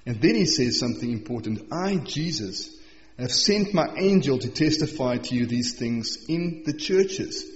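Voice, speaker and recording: A man preaching a morning sermon, reading scripture slowly and with emphasis, then explaining it in an earnest, conversational way. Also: medium pitch, animated. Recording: echoey hall, dull sound.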